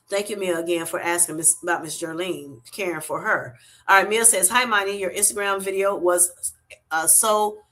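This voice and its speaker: A middle-aged woman hosts a casual live stream. She reads out viewer comments and answers them in an affectionate, chatty way, calling people honey. Her voice is bright and sits at a middle pitch. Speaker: livestream host.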